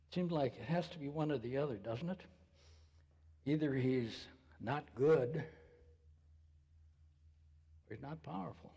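A male pastor preaching a sermon, posing rhetorical questions in a slow, deliberate way. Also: mid-range voice, vocal fry, dark tone, breathy edge, in a large hall. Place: church sanctuary.

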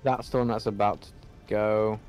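A man's voice: fairly low pitch, steady tone, a little slow, a little mellow, smooth, faint music behind. Swearing man muttering through a game. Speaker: gamer. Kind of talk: game commentary.

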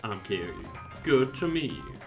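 A man voicing a stiff, gloomy male yakuza in a game, reading the lines in a flat, deadpan way. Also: fairly low pitch, moderate pace, music in the background, pitched below the performer's own voice. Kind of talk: reading game dialogue aloud in character.

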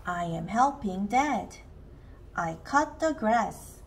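A woman reading a children's book aloud, slowly and carefully, with lots of expression. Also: mid-range voice, expressive, a little hiss or hum. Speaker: storybook reader.

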